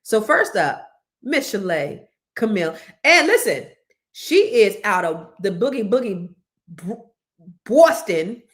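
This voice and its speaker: A Californian woman hosting a panel talk show in a lively, chatty way. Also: medium pitch, unhurried. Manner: lively, chatty, playful with the guests. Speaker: panel host.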